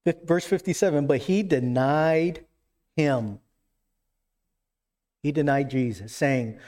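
A man's voice: takes it slowly, pauses often, a little mellow. Earnest, emphatic male preacher. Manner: acts out quoted lines with shifting pitch and pace. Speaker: pastor. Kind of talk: sermon.

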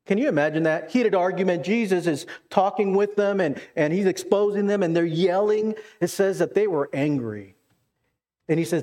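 A man's voice: sits high, moderate pace, warm tone. A man preaching a sermon, earnest, with repeated words and questions to the congregation. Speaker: pastor.

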